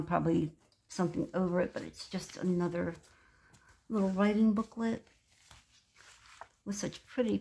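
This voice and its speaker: A woman's voice: medium pitch, creaky. Chatty woman in her sixties gushing over crafts. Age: 60s. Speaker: craft vlogger. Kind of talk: casual craft show-and-tell.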